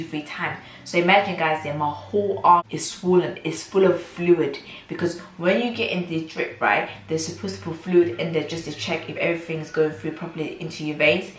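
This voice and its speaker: A woman's voice: deep voice, a little hiss or hum. Candid woman, roomy echo. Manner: candid and indignant, acting out the lines of the people in her story. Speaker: vlogger. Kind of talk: storytime vlog, casual retelling. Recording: roomy echo with faint ambience.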